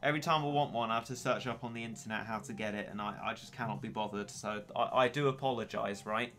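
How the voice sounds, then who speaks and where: A late-teen young man chats wryly on a casual game stream, poking fun at himself in a lowish, fairly bright voice. He talks quickly over soft background music.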